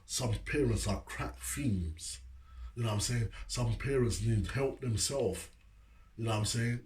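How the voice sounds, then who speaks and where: A man's voice: medium pitch, unhurried, a little mellow, echoey room, a little hiss or hum. A man talking earnestly to camera about a personal story, often asking "you know what I'm saying". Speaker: motivational video maker. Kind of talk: heartfelt personal talk to camera.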